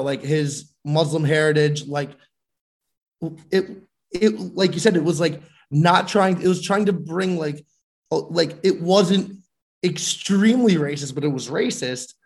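A man's voice: a little high, a little slow, a little mellow. A man rambling in a casual group chat over a video call, leaning on fillers. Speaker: panelist.

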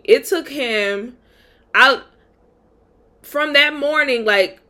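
A woman's voice: sits high, takes it slowly, long pauses, pushed and bright. Young woman host, candid storytime monologue, chatty with fillers. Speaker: podcast host.

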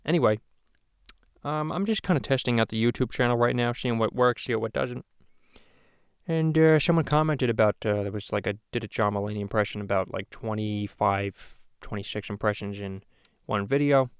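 A man's voice: medium pitch, moderate pace, smooth, dry recording, clean studio sound. A man venting in a rambling, profane, exasperated way, in a casual rant to the camera as host of his own channel. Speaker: YouTube host.

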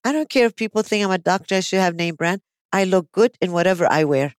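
Frank woman podcast host, low voice. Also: fast, dry recording. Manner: frank, emphatic, many affirming interjections. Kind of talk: casual podcast chat.

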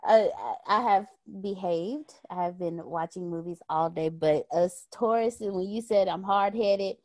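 A woman's voice: lowish voice, measured pace, a little mellow, no room sound. A woman hosting a group call, greeting a guest playfully and welcoming.

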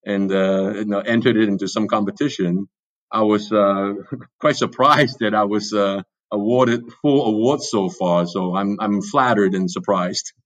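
A man's voice: on the low side, a little slow. A man, an author being interviewed, talking hesitantly and modestly with frequent laughs.

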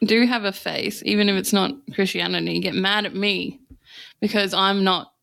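A woman's voice: medium pitch, steady tone, moderate pace, creaky, fairly bright tone, no room sound. A young adult woman co-hosting a podcast, chatting casually and bluntly, laughing often and swearing freely. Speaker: podcast co-host. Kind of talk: casual chat.

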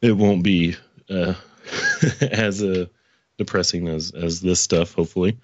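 A man's voice: low voice, measured pace, dry recording, muffled recording. A man hosting his own podcast in casual political commentary, rambling and correcting himself, with profane asides. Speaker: podcast host.

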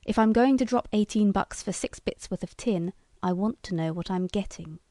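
Woman reading a blunt, skeptical old colonel, mellow dry voice. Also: mid-range voice, moderate pace, dry recording, close to an everyday voice. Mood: gruff. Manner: blunt, gruff. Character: gruff skeptical older male colonel.

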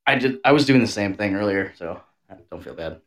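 Low-voiced man rambling crudely. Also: expressive, brisk. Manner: profane, rambling. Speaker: podcast co-host. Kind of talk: casual chat. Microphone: video call.

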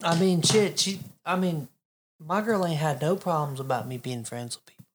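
A man's voice: on the high side, moderate pace, slight background noise. A man chatting casually with a friend, telling a story in a laid-back, profane, slangy way. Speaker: friend in conversation. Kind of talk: casual chat.

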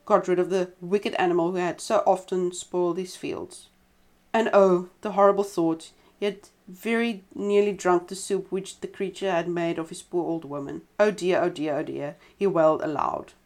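A woman reading a folk tale aloud in a relaxed way, stopping now and then for chatty side comments. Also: lowish voice. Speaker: storyteller.

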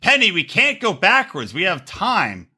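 A man co-hosting a podcast, telling stories in profane, animated casual chat and acting out quick voices. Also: high voice, slightly rough. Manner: profane, animated storyteller who acts out voices. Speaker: podcast co-host.

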